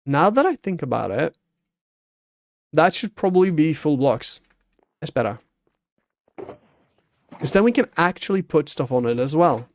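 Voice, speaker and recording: A man narrating his own gameplay at an unhurried pace, muttering thoughts aloud and humming little boom and ba-ba-ba noises. His voice sits a bit higher than most men's and sounds close and dry on the mic. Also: sing-song, dry recording. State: hiccuping. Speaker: Minecraft streamer. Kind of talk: casual gameplay commentary.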